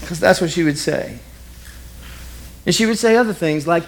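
A man's voice: on the high side, moderate pace, pauses often. A man preaching a sermon as vivid present-tense stories, repeating key lines. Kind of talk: dramatic storytelling sermon.

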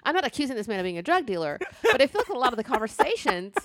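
A woman's voice: fairly high pitch, very animated, racing, a bit bright, no room sound, clean studio sound. A woman hosting a podcast, telling rambling stories in casual chat and laughing often. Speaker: podcast host. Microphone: podcast mic.

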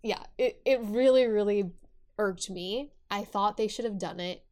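A woman's voice: medium pitch, unhurried, mellow. A young woman co-hosting a casual podcast talks through a book and its series. Her speech is loose and chatty, full of "like" and half-started sentences. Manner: chatty, many fillers and restarts. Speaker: podcast co-host.

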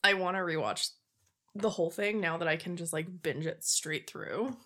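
Young female podcast co-host, chatty and giggly, crisp bright voice. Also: on the low side, moderate pace. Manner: giggly, gushing, heavy use of "like". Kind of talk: casual chat.

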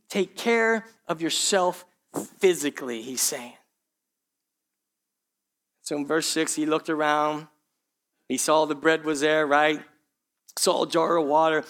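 Male pastor, high-pitched, emphatic sermon delivery with loud and hushed swings.

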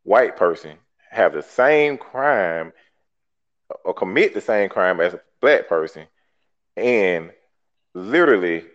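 A man's voice: sits low, animated, slow pace, long pauses. A talk show host, arguing emphatically and bluntly, swearing and repeating himself to make his point. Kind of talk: heated call-in debate. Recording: dull lo-fi podcast audio.

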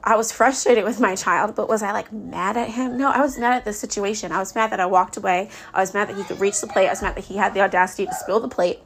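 A woman's voice: medium pitch, fairly even intonation, fast, hardly any pauses, a little hiss or hum. A woman in her thirties hosting a podcast, talking candidly and venting about her days as a mother, with frequent laughs. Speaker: podcast host. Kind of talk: casual podcast monologue.

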